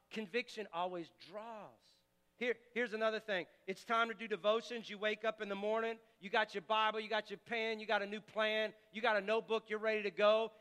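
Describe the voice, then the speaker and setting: A man's voice: high voice, a bit bright, clean tone. A male pastor preaching a sermon in a church, impassioned and conversational, often restarting his sentences. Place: church sanctuary. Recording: long church reverb.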